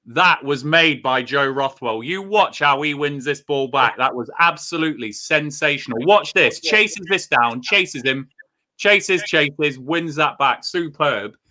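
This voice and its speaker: A man's voice: on the high side, animated, a little slow, sharp tone. A man hosting a live fan watchalong, narrating and breaking down match action with enthusiasm. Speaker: host of a fan watchalong stream. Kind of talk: live match commentary and chat.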